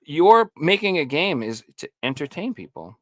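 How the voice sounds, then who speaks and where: A man hosting a podcast rants with heat and plenty of swearing, and he now and then slips into mocking made-up quotes. His voice runs a touch high and swings widely in pitch. It sounds close and dry, with no room around it. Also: sing-song, normal speed, no echo. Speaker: podcast host. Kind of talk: heated casual podcast rant.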